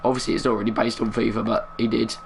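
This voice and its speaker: A man's voice: lowish voice, quick pace, gravelly, a little hiss or hum. Young man muttering game commentary. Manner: chatty, muttering, bursts of excitement at big moments. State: keeping his voice down. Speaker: gaming streamer. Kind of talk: live gameplay commentary.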